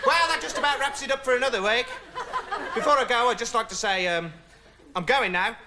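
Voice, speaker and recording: A man's voice: extremely high pitch, brisk, background noise. An actor playing a dim, rambling young male investigator, speaking earnestly through pointless asides in a studio comedy monologue. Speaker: comic character monologue.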